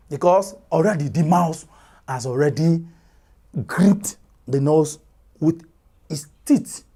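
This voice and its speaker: A woman telling a folk tale in an animated, chatty way, with asides to listeners. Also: lowish voice. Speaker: storyteller.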